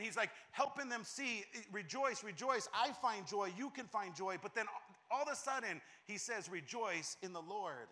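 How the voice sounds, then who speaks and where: Guy pastor preaching, high-ish voice, super bright and cutting, keeps repeating himself and restarting. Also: animated, moderate pace, few pauses. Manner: emphatic preaching with frequent repetitions and restarts. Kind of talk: sermon.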